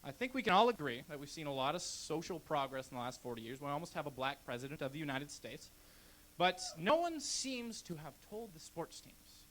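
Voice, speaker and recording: A young man from Canada doing a brash, deadpan stand-up comedy set on a club stage into a handheld mic. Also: a little high, fairly quick, a little hiss or hum.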